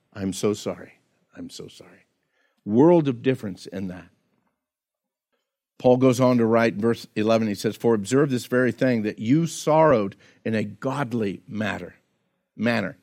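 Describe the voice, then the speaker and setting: A man's voice: fairly high pitch, gravelly, darkish tone. A man preaching a sermon as pastor, in a conversational way, often repeating words and acting out quotes.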